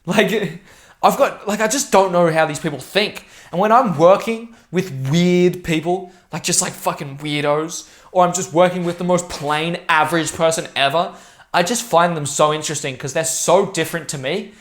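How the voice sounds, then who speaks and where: A man's voice: on the high side, moderate pace. A young man talking straight to camera in a rambling, profane, intense and emphatic monologue. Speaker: vlogger.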